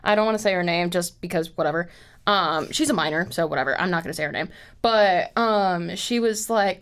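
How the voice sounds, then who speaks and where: A woman's voice: on the low side, a little fast, fairly bright tone, clean tone. Chatty young woman podcast host. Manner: chatty, full of "like" fillers and swearing. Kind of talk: casual chat.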